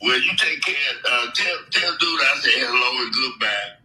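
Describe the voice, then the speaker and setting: A middle-aged man, speaking gently as a father on a phone call and repeating himself. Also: mid-range voice, lively intonation, normal speed, echoey room, faint music behind.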